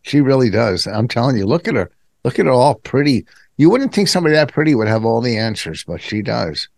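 A man's voice: mid-range voice, very animated, brisk, vocal fry, darkish tone, dry recording. An older man co-hosting a comedy podcast, joking and bragging in casual banter. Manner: boastful, joking. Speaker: podcast co-host.

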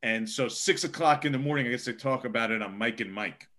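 Sports reporter, male, bright and forceful delivery, casual, filler-heavy storytelling. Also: mid-range voice, fast. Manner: rambling, lots of fillers.

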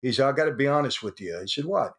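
An older man recounts a tense story in an interview, his voice sitting at a middle pitch. He talks in an animated way and slips into the voices of the people he quotes. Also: quick pace. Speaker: interview guest, former mobster.

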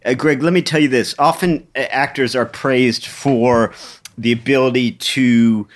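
A man's voice: medium pitch, fairly even intonation, a little slow. A man co-hosting a comedic podcast, rambling with many stammering restarts. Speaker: podcast co-host.

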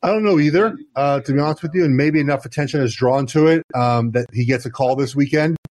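A man's voice: medium pitch, fast, a little mellow, no echo. Male ex-player guest, thirties, explanatory and chatty, dry close sound. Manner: explanatory, many restarts and "you know". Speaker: guest, former NFL player. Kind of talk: casual podcast chat.

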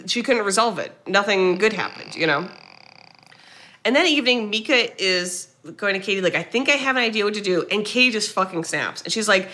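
A woman co-hosting a podcast, retelling a film's plot in a casual, animated way, quoting the characters and swearing now and then. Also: medium pitch. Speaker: podcast co-host. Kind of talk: casual movie recap chat.

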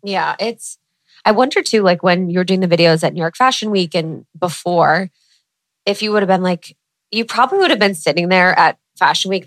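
A woman hosting a casual chat, relaxed and reflective, asking her guest questions. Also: on the low side, normal speed, no room sound. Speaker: podcast host.

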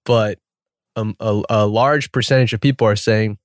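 A man co-hosting a casual chat, spinning exaggerated scenarios with lively, joking energy. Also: lowish voice, moderate pace, dry recording, studio quality. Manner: animated storyteller, riffs with exaggerated scenarios. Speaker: podcast co-host.

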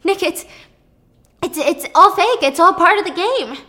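A frantic young woman stammering out desperate pleas, as a woman storyteller acts her out. Her voice leaps well above the teller's own and gets louder as she begs, words tumbling over each other. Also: lively intonation, a little slow, heavily acted. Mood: panicked pleading. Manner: frantic, stammering, high-pitched pleading. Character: panicked young woman pleading at gunpoint.

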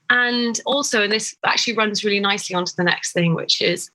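A woman's voice: medium pitch, fairly quick, poor audio. A woman, a clinical psychologist, explaining her ideas in a podcast interview and acting out everyday examples as she goes. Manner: warm, expressive explainer, acts out examples.

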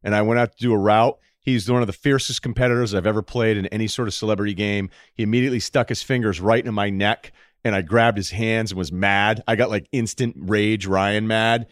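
A middle-aged man hosting a podcast, telling rambling stories with deadpan asides in casual chat. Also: lowish voice, fairly quick, hardly any pauses, no echo, clean studio sound. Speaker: podcast host.

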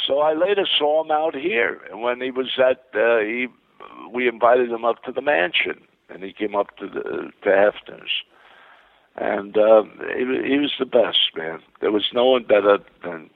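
An older man from Queens, New York, rambling through excited anecdotes as a phone guest. His voice is gravelly and sits in a middle register. The sound is tinny and phone-like, with a dry, close feel. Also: medium pitch, normal speed, dry recording. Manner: rambling, enthusiastic anecdotes with many restarts. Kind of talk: phone interview storytelling. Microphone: telephone.

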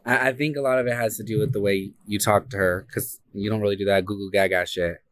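A man's voice: fairly low pitch, fairly even intonation, quick pace, a bit bright. A man co-hosting a podcast in casual chat, blunt and casually profane. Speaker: podcast co-host.

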